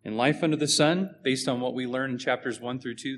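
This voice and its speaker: A man's voice: medium pitch, fairly quick. A man preaching a sermon, emphatic and conversational, putting rhetorical questions to his congregation.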